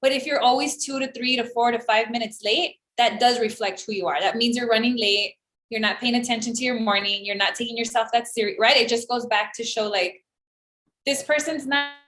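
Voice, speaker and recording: Podcast co-host, woman in her 30s, high-ish voice, sarcastic storyteller, roomy echo. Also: a little fast. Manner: animated storytelling, acts out quoted voices, sarcastic. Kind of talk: casual chat. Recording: echoey room.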